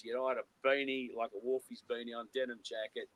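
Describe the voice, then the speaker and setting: A man's voice: medium pitch, fairly even intonation, fast, a bit bright, poor audio. Rambling man telling stories. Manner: rambling anecdotes with restarts and acted-out quotes. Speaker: co-host, musician telling stories. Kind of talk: casual chat, storytelling.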